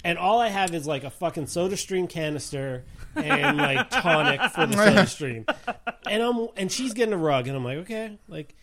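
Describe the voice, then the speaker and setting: A man co-hosting a casual chat, telling an animated, swear-filled story and acting out what people said. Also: high-pitched, moderate pace. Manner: animated storyteller, swears a lot, acts out quotes. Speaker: podcast co-host.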